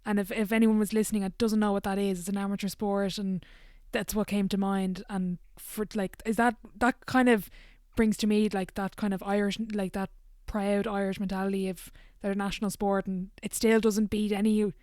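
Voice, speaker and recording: Woman podcast host, mid pitch, dry close mic, chatty with lots of "like". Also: flat delivery, moderate pace, a little mellow, dry recording. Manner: chatty, uses filler "like" often. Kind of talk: casual podcast interview.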